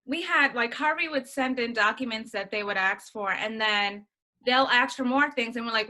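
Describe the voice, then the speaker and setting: A woman's voice: fairly high pitch, moderate pace, pushed and bright. A woman speaking as a first-time home buyer guest, recounting her experience in a candid, casual way. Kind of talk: casual conversation.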